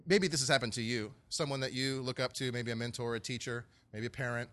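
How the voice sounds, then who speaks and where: A man preaching a sermon in an animated way, often acting out quotes in playful voices. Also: medium pitch, fast. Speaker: pastor.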